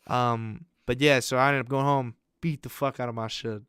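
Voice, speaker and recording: Young male podcast co-host with a smooth, resonant voice and a dead-dry close-mic sound, a crude, rambling storyteller. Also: medium pitch, steady tone, normal speed, a bit bright, no echo. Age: young adult.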